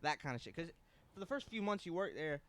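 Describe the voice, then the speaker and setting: A man's voice: on the high side, sing-song, fast, a bit bright. A young man co-hosting a podcast, telling a crude workplace story in a rambling, casual way. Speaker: podcast co-host.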